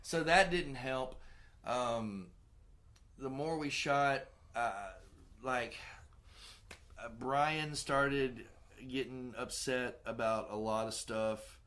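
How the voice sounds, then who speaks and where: A man hosting a podcast, telling film-set stories in a casual, profane, animated way. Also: medium pitch, very slow. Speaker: podcast host and film director. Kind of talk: casual storytelling chat.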